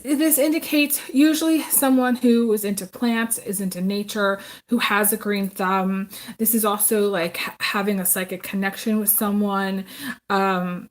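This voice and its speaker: A woman giving a casual live tarot reading, rambling and chatty, with many pauses and restarts. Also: mid-range voice. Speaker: tarot reader.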